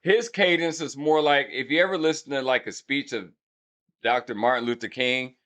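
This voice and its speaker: A man with a mid-range, fairly bright voice hosts a hip hop breakdown channel, speaking at a moderate pace. Casual and brash, he addresses viewers directly and counts beats aloud to explain rhythm in his music commentary.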